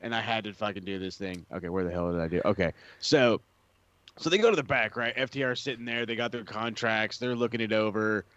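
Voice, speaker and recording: A man's voice: lowish voice, a little fast, no room sound. Male podcast co-host, casual and crude, acts out other people's lines, dry dull lo-fi sound. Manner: profane, animated retelling with lots of quoted voices. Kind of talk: casual chat.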